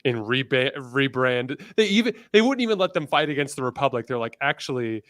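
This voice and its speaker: A man's voice: mid-range voice, sing-song, fairly quick, fairly bright tone, no room sound, clean studio sound. A man guesting on a podcast, talking animatedly and acting out quoted characters. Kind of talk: casual podcast chat.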